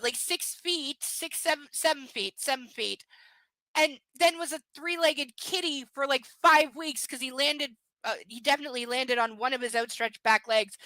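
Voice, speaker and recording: A woman with a high, bright, forceful voice chats casually on a live stream, rambling and playful, and sometimes lapses into baby talk with her pets. She's a streamer reading aloud, and the recording is rough with no room sound.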